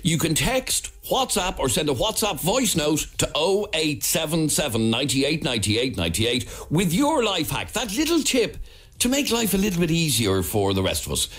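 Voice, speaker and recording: Irish male host, bouncy swooping delivery, slightly high, music bed under. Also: moderate pace. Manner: lively, sing-song presenter delivery. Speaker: radio host. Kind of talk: casual radio chat. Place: radio studio.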